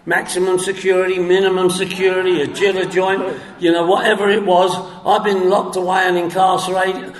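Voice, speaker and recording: In an echoey room, a high-voiced older man with a London accent shares a meandering personal testimony at a recovery meeting. The Englishman performs both sides of a phone call as part of his story.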